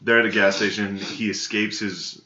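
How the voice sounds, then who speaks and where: A male co-host spins a crude, rambling story in casual comedic chat. His low voice carries a bright, forceful edge. The room sounds echoey, and the laptop recording is tinny. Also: little pitch movement, moderate pace. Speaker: podcast co-host.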